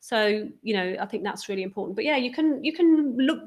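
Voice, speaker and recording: Relaxed woman guest, encouraging tone. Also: on the high side, brisk. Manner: relaxed and encouraging, with fillers like "like" and "you know". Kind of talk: casual live-stream chat. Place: conference venue during a live broadcast.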